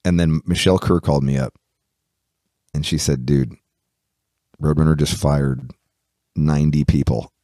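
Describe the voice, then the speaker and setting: A man in a casual interview, telling a profane, animated story and acting out the phone calls he got. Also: very deep voice, moderate pace, pauses often, no echo, clean studio sound. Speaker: musician guest.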